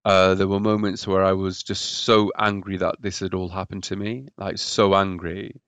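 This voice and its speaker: A man's voice: sits low, level tone, normal speed, a bit bright, clear, resonant tone, dry recording. A man telling his own story as a podcast guest, hesitant and often repeating words. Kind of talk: personal story in a podcast interview.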